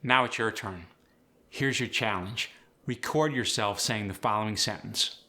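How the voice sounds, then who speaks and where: A man's voice: lowish voice, unhurried, bright, forceful tone. A man teaching an accent tutorial in an upbeat, chatty way. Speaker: dialect coach.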